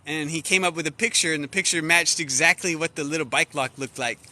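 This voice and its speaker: Fast, bright-voiced man telling a story. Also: on the high side. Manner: slangy and animated, acting out quoted dialogue. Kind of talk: casual spoken storytelling.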